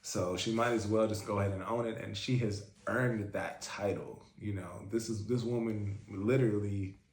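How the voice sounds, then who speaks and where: A man's voice: lowish voice, steady tone, moderate pace, darkish tone. Chatty man reacting to an album. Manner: chatty, fan-like, many fillers. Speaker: music reaction host. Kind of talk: casual album reaction commentary. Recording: roomy echo, faint music.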